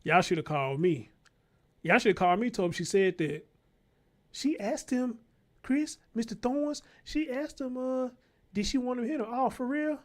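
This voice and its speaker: His voice is very high-pitched and moves at a moderate pace as he hosts his own show. He's fired-up and profane, commenting heatedly on news clips and hollering at listeners like a preacher.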